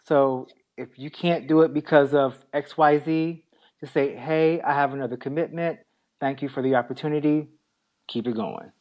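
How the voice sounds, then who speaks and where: Higher-pitched man giving relaxed advice. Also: normal speed. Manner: relaxed, gives advice point by point with light laughs. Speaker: podcast co-host. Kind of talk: casual podcast chat.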